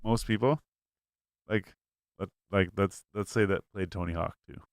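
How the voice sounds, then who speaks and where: A young man chatting as podcast co-host, with a smooth, clear voice that sits a little low. He rambles and swears, stacking fillers as he goes. The sound is dry and close. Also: normal speed, no echo. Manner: rambling, profane, lots of "like" fillers. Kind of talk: casual chat. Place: home studio.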